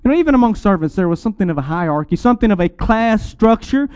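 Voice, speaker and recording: A man with a high, smooth and resonant voice preaches a sermon, recorded close and dry. He teaches through scripture and explains Greek words. His delivery swells on grand lists and sinks low for emphasis. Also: expressive, quick pace, a little mellow, dry recording.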